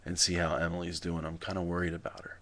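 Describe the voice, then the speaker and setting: A man's voice: deep voice, completely flat delivery, fast talker, fairly bright tone. A man playing a concerned country pastor who talks earnestly.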